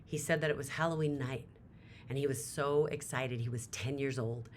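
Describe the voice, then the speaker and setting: Very deep-voiced woman telling a motivational story. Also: steady tone, moderate pace, slight background noise. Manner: dramatic and emphatic, voice rising sharply at emotional peaks. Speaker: motivational speaker.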